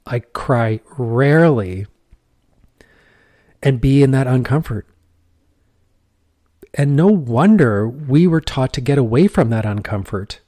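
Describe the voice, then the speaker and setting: Earnest man with a mellow, dry voice. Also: medium pitch, lively intonation, takes it slowly, long pauses, dry recording. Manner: earnest, repetitive phrasing, rhetorical questions. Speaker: podcast host. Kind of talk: reflective personal monologue.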